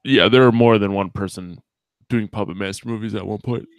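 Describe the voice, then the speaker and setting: A man's voice: lowish voice, steady tone, fairly quick, no echo. A man co-hosting a podcast, talking in a crude, joking, rambling way. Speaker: podcast co-host. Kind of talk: casual chat.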